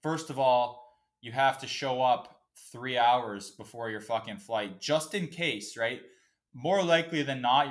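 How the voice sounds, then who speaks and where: Profane, fired-up man hosting a podcast. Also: mid-range voice. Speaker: podcast host. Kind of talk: casual solo podcast rant.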